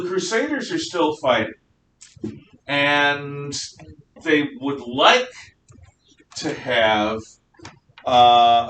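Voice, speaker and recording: A man teaching history in a bright, forceful voice, chatty and jokey, wandering into asides. He is heard from a distance in an echoey classroom with a faint rumble underneath. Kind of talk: classroom lecture.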